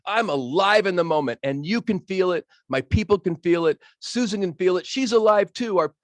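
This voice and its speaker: A man's voice: sits high, normal speed, no room sound. A man, a roofing business owner on a video-call panel, telling earnest, emotional stories about giving back. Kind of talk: casual panel chat.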